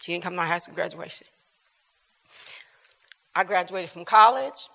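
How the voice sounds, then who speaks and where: A church member gives a personal testimony at bible class, telling her story in a loose, colloquial, animated way and laughing often. Her voice is bright and ringing yet on the low side, with vocal fry and normal speed. It echoes through a large, reverberant church hall.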